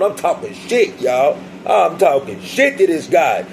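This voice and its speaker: Gravelly man telling a slangy story. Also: on the high side, very animated, unhurried, few pauses, darkish tone, slight background noise, rough recording. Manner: slangy, profane, keeps addressing listeners as y'all. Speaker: vlogger telling a prison story. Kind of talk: casual storytime.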